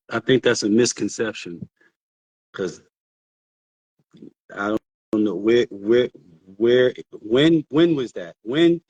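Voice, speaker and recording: A man's voice: mid-range voice, darkish tone, muffled recording. A middle-aged man, a father co-hosting a casual podcast, telling stories and repeating words as he thinks. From New York. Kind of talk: casual chat.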